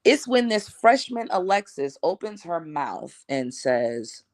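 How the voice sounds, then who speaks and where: A woman in her thirties telling a casual storytime vlog in a relaxed, slangy way, acting out her own past lines. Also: on the low side, takes it slowly, no echo, clean studio sound. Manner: relaxed slangy conversational delivery. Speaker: vlogger.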